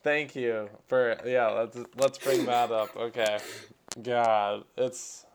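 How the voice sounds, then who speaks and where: A man co-hosting a casual podcast, ranting animatedly and swearing about slow traffic. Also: mid-range voice, steady tone. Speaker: podcast co-host. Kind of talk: casual chat.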